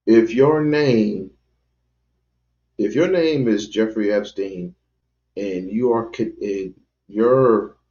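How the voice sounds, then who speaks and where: A man hosting his own channel, giving rambling casual commentary with sudden jumps in pitch. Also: warm tone, highs cut off. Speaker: channel host.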